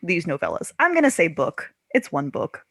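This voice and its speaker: A woman's voice: fairly low pitch, huge pitch swings, normal speed, breathy edge, no echo. A woman hosting a casual book discussion podcast, laughing often and correcting herself as she goes. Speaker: podcast host.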